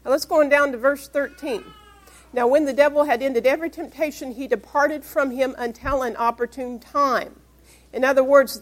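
A woman pastor preaching a Bible-study sermon. She reads scripture aloud and asks her congregation questions to prompt their answers. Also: sits high. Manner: emphatic, call-and-response questions.

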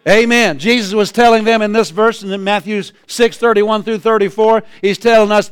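Man preaching with shouted refrains. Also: high voice, fairly even intonation, normal speed, few pauses, smooth, no room sound, clean studio sound. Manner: calls out to the congregation. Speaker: pastor. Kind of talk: sermon.

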